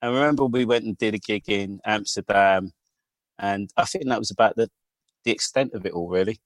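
A man, a guest telling lively stories with plenty of swearing and acted-out voices of the people he describes. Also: fairly low pitch, a little fast, dry recording. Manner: animated, swears freely, acts out customers' voices. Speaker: guest, former record importer. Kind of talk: casual storytelling interview.

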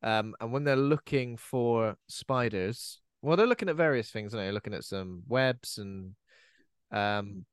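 A man's voice: lowish voice, measured pace, clean tone, dry recording, clean studio sound. A man co-hosting a podcast, talking about a film in a laid-back, casual way, often trailing off or asking questions. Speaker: podcast co-host. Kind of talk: casual chat recapping a film.

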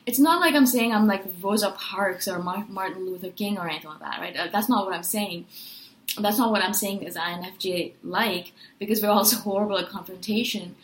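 A woman's voice: mid-range voice, brisk, a little hiss or hum. Earnest woman venting in an echoey room. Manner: earnest, venting, rhetorical questions. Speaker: personality-type video host. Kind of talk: casual monologue to camera.

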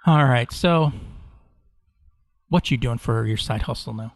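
Gravelly man chatting casually. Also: mid-range voice, unhurried, no room sound, clean studio sound. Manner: laid-back, brief replies. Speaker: podcast co-host. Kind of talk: casual chat.

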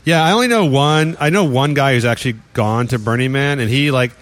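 Male podcast host, mid pitch, sardonic ranter who chuckles through it. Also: a little fast, fairly bright tone. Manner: wry, ranting, laughs often. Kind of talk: casual chat.

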